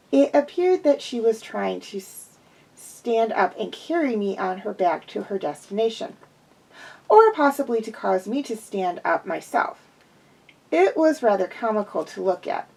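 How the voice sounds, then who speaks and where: A woman's voice: a little high, creaky, a little mellow, poor audio. A woman reading a first-person fan fiction story aloud as an amateur storybook narrator who often slips and corrects herself. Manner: frequent slips and self-corrections.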